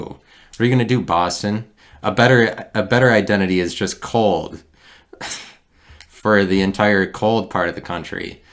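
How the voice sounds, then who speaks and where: A man holds forth alone into a handheld recorder. His talk wanders and turns sarcastic, and he keeps restarting his thoughts as he goes. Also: low-pitched. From Midwestern United States. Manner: digressive, sarcastic, restarts often. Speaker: podcast host. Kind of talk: rambling solo podcast monologue.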